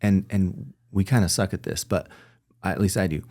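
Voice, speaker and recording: A man's voice: deep voice, fairly even intonation, normal speed, a little mellow. A man being interviewed, talking candidly and reflectively, often restarting his sentences with little laughs. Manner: earnest, reflective, with frequent self-corrections and little laughs. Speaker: guest.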